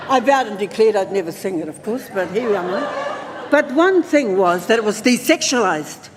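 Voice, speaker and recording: A woman's voice: on the high side, lively intonation, normal speed, crowd noise, noisy background. A woman with a New Zealand accent, speaking at a conference in a playful, engaging way and calling out to the audience. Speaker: conference speaker teaching traditional singing. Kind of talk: spoken talk with sung demonstrations. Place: conference hall. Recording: long hall reverb, faint ambience.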